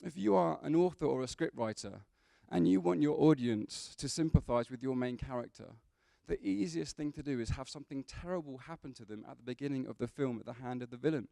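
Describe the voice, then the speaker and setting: A man preaching in a church, talking to his congregation in an easy, conversational way and dropping in humorous asides. His voice is gravelly and warm-toned, a bit higher than most men's, and the sound is dry and close. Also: fairly quick, few pauses, dry recording. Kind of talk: sermon.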